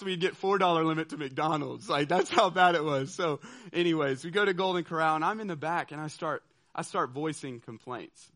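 Animated man telling a story. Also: a little high, a little fast. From southeastern United States. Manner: animated, laughing, checks in with listeners. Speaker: speaker telling a personal story. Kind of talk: storytelling talk.

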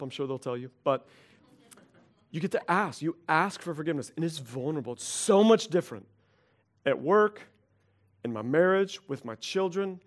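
Animated man preaching a casual sermon. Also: a little high. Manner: conversational, animated, acts out quoted voices. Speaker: pastor.

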